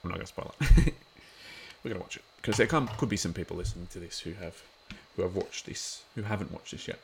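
A man's voice: sits low, fairly quick, gravelly, slight background noise. A man giving a casual watch-along commentary of an episode, chatty and rambling with lots of filler words.

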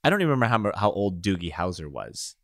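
A man's voice: sits low, sing-song, fast talker, dry recording, studio quality. Playful man reading news with jokes. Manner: jokey, laughs while reading, mangles names on purpose. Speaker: podcast co-host. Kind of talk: casual chat, reading news items.

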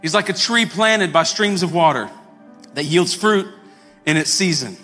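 Male pastor, high and animated, preaching from the stage in a reverberant sanctuary with faint music under him. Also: unhurried. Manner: animated, acts out quoted voices, repeats words. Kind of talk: sermon. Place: church sanctuary.

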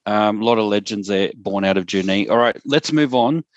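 Man, podcast host, low voice, dry close sound, rambling and chatty. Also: fairly quick, dry recording, highs cut off. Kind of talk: casual sports podcast chat.

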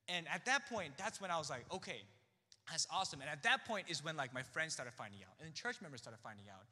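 A young man tells his personal testimony in a bright, quick, swooping voice that jumps up and down as he acts out the people in his story. He leans on casual fillers and keeps the momentum going. A long, hall-like reverb trails behind him. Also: on the high side. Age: young adult. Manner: animated storytelling, acting out quoted voices, frequent fillers. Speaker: theology graduate sharing his testimony.

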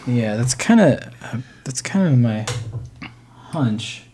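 An easygoing man co-hosting a podcast, chatting casually and agreeing often. He fills his pauses with ums and uhs. His voice sits at an ordinary middle pitch. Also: expressive, warm tone, a little hiss or hum. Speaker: podcast co-host. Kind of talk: casual chat.

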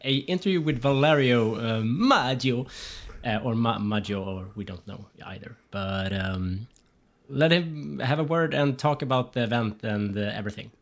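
A man's voice: medium pitch, moderate pace, few pauses. A man with a Swedish accent co-hosting a podcast, easygoing and joking, with many fillers in casual chat. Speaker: podcast co-host.

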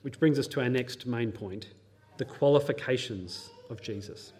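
A man's voice: mid-range voice, normal speed, darkish tone. A man preaching a sermon, teaching earnestly, reading scripture aloud and adding light pop-culture asides. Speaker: pastor.

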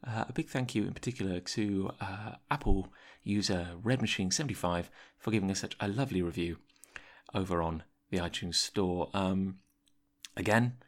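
A man hosting a podcast, delivering a whispered solo interlude in a hushed, raspy voice with many fillers. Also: sits low, normal speed. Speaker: podcast host. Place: editing suite, early morning.

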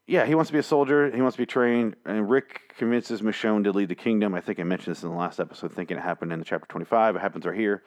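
A man's voice: on the low side, quick pace, few pauses. A man recapping comic chapters in a casual, rambling, sarcastic monologue, swearing freely and slipping into mock voices. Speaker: comic book reviewer.

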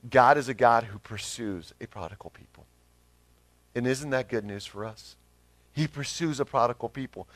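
A man's voice: medium pitch, no echo. A man in his thirties, a pastor giving an earnest, conversational sermon with rising emphasis.

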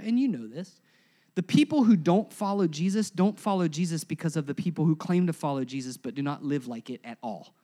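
Conversational pastor preaching with punchy emphasis. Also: medium pitch. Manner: emphatic, conversational, rhetorical questions and humorous asides. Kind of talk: sermon.

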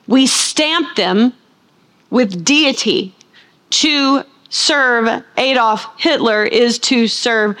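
With a slightly high, somewhat bright voice, a woman teaches the Bible from the pulpit. She asks her audience questions, supplies the answers herself, and slows her delivery to emphasize important words.

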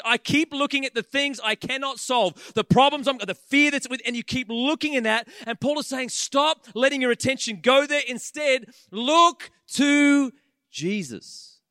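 A man preaching a sermon in church, animated and conversational, acting out the voices of the people he talks about. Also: very high voice, moderate pace, no room sound, studio quality.

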